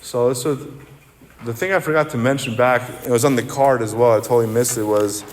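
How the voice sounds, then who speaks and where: A man's voice: mid-range voice, steady tone, brisk. Man sharing his story in an echoing hall. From central New Jersey. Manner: rambling, candid, self-deprecating. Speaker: AA speaker. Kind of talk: personal recovery talk. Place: meeting hall. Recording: long hall reverb.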